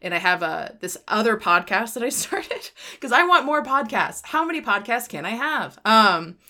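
A woman's voice: fairly high pitch, very animated, moderate pace, bright, forceful tone. A woman hosting a podcast in casual chat, rambling with lots of "like", laughing and swearing freely. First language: Spanish. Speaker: podcast host.

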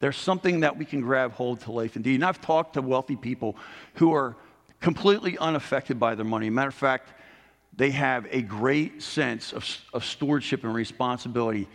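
A man's voice: mid-range voice, a little fast. A middle-aged man preaching a sermon as a pastor, earnest and rising to emphasis on key points. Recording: long hall reverb.

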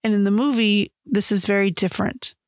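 A woman comparing a book and its film adaptation in casual, chatty commentary, laughing often and talking in an animated way. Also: medium pitch, fairly quick, no room sound, clean studio sound. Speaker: book reviewer.

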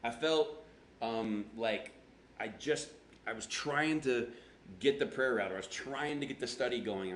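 A man preaching a conversational sermon, telling stories with self-deprecating humor and acting out his own past words. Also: mid-range voice. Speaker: pastor. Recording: roomy echo with faint background hum.

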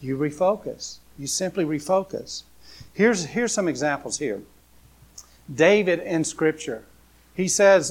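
Speaking a little slowly in a slightly high, expressive voice, a man preaches casually as a pastor. The sermon is conversational, loose and repetitive, full of fillers and rhetorical questions.

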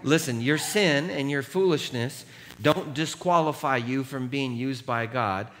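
Animated, self-mocking male pastor preaching. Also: medium pitch, a little slow. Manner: animated, jokey, laughs at himself; has the congregation read along aloud. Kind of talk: sermon.

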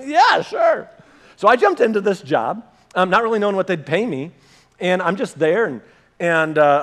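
A man preaching a sermon, telling a personal story and acting out the dialogue. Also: high-pitched. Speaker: pastor.

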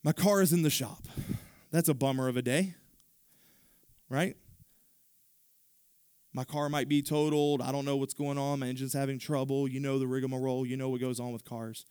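A man's voice: medium pitch, fairly even intonation, moderate pace, pauses often, darkish tone, clean tone, dry recording, studio quality. A man pastor preaching a sermon in a conversational manner, with asides to the congregation.

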